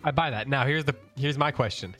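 A man hosting a podcast in casual chat, joking and pausing over his questions. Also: medium pitch, a bit bright, faint music behind. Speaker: podcast host.

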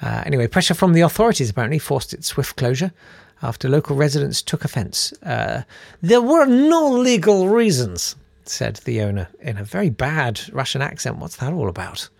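A man's voice: medium pitch, lively intonation, fast, vocal fry, breathy edge, no room sound. Sarcastic rambling man host. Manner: sarcastic, rambling, full of fillers. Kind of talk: casual news chat.

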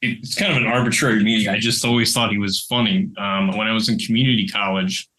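A man's voice: lowish voice, steady tone, fast talker, bright, forceful tone. A man telling a rambling anecdote in casual podcast chat. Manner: rambling anecdote with restarts and laughter. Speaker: podcast co-host and creator.

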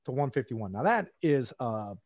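A man's voice: medium pitch, big pitch swings, normal speed, darkish tone, no room sound, clean studio sound. A man chatting casually on a podcast, telling a long, profane story full of "like" and acted-out quotes.

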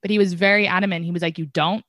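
A young Irish woman, a comedian guest, telling stories in a casual podcast chat with lively restarts. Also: medium pitch, very fast, dry recording, clean studio sound. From Ireland. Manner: animated storytelling with frequent restarts and laughs.

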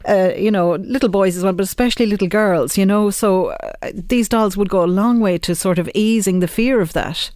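A male radio host interviewing a guest, with warm, prompting questions. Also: sits high, moderate pace, few pauses, no echo, studio quality.

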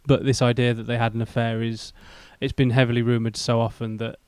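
A man's voice: mid-range voice, level tone, fairly quick, darkish tone, clear, resonant tone, dry recording. A man co-hosting a podcast, chatting casually and laying out theories in a laid-back way. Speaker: podcast co-host. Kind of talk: casual chat.

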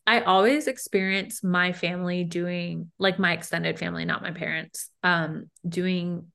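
A woman's voice: lowish voice, steady tone, measured pace, creaky, a bit bright. A young woman co-hosting a podcast, telling personal stories candidly and emphatically. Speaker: podcast co-host. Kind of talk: casual chat.

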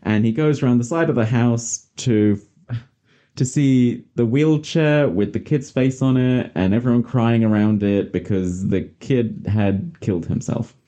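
A woman's voice: rumbling low, measured pace, warm tone. A British woman hosting a podcast, chatting casually as she recaps a film's plot with lots of fillers. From Britain. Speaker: podcast host. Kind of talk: casual movie-review chat.

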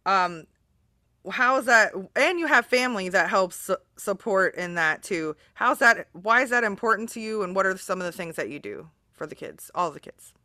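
A woman's voice: mid-range voice, expressive, normal speed, pushed and bright, dry recording, studio quality. A woman hosting a podcast interview, talking in a rambling, earnest way with many fillers. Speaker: podcast host. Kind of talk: casual interview chat.

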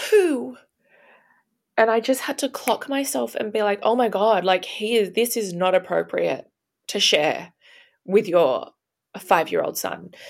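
A woman in her thirties, a podcast guest, talking candidly and emotionally, swearing, halting and repeating herself. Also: medium pitch, creaky. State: emotional, voice rising and shaky. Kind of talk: emotional personal interview.

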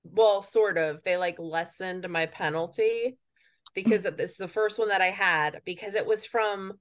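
A woman's voice: medium pitch, a little slow. A woman from New Jersey with a New Jersey accent, telling blunt, sarcastic stories in casual podcast chat. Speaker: podcast co-host.

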